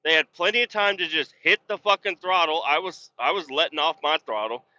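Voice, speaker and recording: Blunt, foul-mouthed man with a sharp, forceful voice, ranting from a truck cab, muffled lo-fi sound. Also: fairly high pitch, fairly quick. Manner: profane, blunt, exasperated ranting. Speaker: podcast host and truck driver. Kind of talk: rambling casual storytelling. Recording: dull lo-fi sound.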